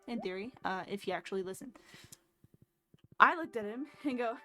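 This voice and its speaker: A woman's voice: mid-range voice, animated, moderate pace, long pauses, bright, forceful tone. A woman in her twenties telling a story casually while streaming at home, blunt and sarcastic, swearing freely. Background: faint background music.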